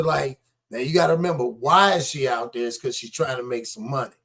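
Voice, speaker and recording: A man's voice: medium pitch, a little fast. Man, reaction commentary, skeptical, chatty, mid-range voice. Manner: skeptical, animated, talks straight to viewers.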